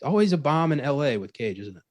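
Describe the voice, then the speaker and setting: A man's voice: a little high, sing-song, fast talker, no room sound. A man co-hosting a casual movie review podcast, sarcastic and laughing often, swearing freely. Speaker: podcast co-host.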